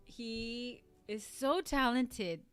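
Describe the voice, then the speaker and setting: A woman's voice: fairly high pitch, very slow, a bit bright, soft background music. Gushing, rambling woman streamer. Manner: gushing and rambling, heavy use of "like". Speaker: livestream host. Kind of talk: casual livestream chat.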